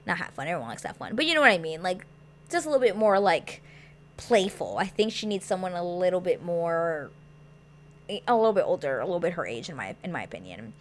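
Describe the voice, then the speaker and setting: A young woman hosting a casual show recap, chatty and animated, with plenty of filler words. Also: fairly low pitch, fast talker, a little hiss or hum. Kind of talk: casual chat.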